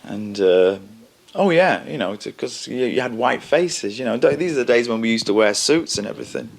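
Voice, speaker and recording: An older man reminiscing casually in an interview, halting and repeating words, often chuckling. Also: mid-range voice, expressive, gravelly. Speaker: interviewee, band member.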